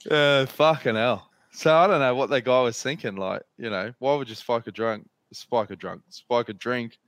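A man's voice: medium pitch, normal speed, a bit bright, no room sound. An Australian man on a podcast, telling stories in casual chat and swearing freely. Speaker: podcast co-host.

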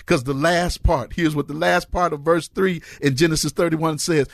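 A male pastor preaching a fervent sermon, sometimes shouting and half-singing his phrases. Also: fairly high pitch, steady tone, moderate pace, vocal fry. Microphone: close mic on a cord.

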